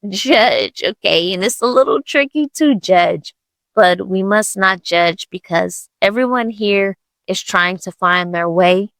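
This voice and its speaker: A woman's voice: lowish voice, fairly bright tone, clear, resonant tone, dry recording. A young woman hosting a podcast, telling a personal spiritual story in a casual, chatty way full of "I was like" and "literally". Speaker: podcast host.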